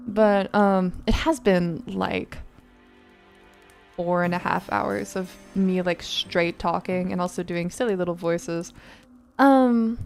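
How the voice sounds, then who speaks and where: A woman's voice: fairly low pitch, takes it slowly, vocal fry, darkish tone, faint music behind. A tired young woman streamer chatting casually, rambling with lots of fillers and laughs.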